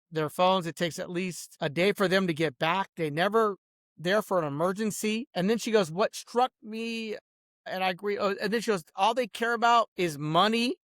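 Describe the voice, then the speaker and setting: A man's voice: high-pitched, a bit bright, dry recording, studio quality. A man vlogging in a rambling, casual rant, swearing freely and saying "bro" constantly while reading messages aloud. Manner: eats and drinks wine while talking. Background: faint music.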